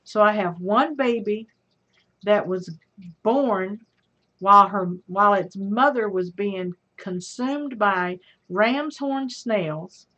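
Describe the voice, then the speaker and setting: Speaking slowly at a medium pitch with a slightly bright tone, this middle-aged woman runs a livestream. She reads viewers' comments, chats with them and addresses them as honey and sweetheart, all over dull lo-fi audio.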